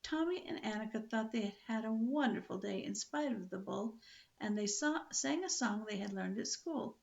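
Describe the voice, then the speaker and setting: An older woman reading a children's book aloud in a lively, expressive storytelling manner. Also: mid-range voice, normal speed, vocal fry, lo-fi sound.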